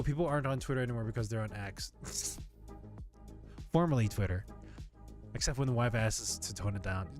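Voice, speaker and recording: A man streaming live in casual chat, rambling and ranting with frequent swearing. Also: mid-range voice.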